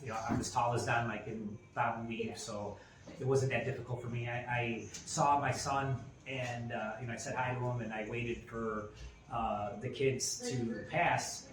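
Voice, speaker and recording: A man's voice: medium pitch, steady tone, moderate pace. A man in his forties co-hosting a podcast, telling a story in casual chat with lots of fillers and restarts. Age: 40s. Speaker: podcast co-host. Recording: roomy echo with faint ambient noise.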